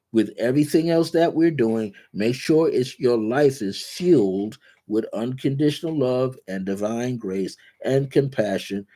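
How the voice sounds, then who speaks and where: A man hosting a guided spiritual talk, speaking in repetitive, incantatory affirmations and slowing down on key words. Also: medium pitch, warm tone. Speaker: spiritual teacher and show host.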